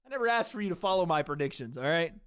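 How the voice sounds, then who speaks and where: Hoarse, high-voiced male streamer. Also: expressive, racing, fairly bright tone, no echo, studio quality. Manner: rambling, swearing, talks straight to chat. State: hoarse, voice worn out. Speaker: livestream host. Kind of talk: casual livestream watch-party chat.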